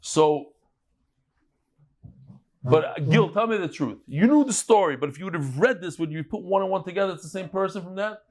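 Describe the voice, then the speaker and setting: A middle-aged man leads a lively Talmud class, telling stories and bantering with his students. His voice sits fairly high for a man. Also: brisk, long pauses. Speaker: Talmud teacher.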